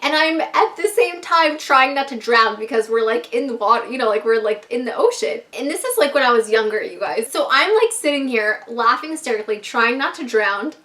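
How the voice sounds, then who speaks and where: A woman's voice: on the high side, lively intonation, brisk, a bit bright, distant mic. A young woman vlogger telling a story to camera in a chatty way, full of fillers and swearing, talking straight to her viewers. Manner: chatty, lots of 'like' and swearing, addresses viewers as 'you guys'. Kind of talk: casual storytime chat.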